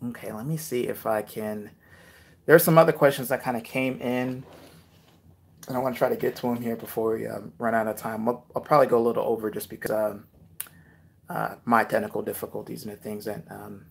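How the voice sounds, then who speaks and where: A man's voice: lowish voice, fairly even intonation, brisk, creaky, a little hiss or hum. A man hosting a casual live Q&A, giving rap tips and reading viewer comments aloud with lots of fillers.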